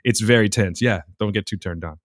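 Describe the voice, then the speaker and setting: A man hosting a podcast, chatting casually in a rambling, expressive, self-mocking way. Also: fairly low pitch, a little fast, no room sound, studio quality. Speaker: podcast host. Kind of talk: casual chat.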